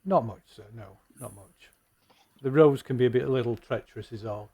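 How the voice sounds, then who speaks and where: A man's voice: mid-range voice, brisk, darkish tone, pitched below the performer's own voice, lightly acted. A man doing a cagey country bus driver. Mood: guarded. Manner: deferential, hesitant, calls everyone sir. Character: polite, evasive male rural bus driver.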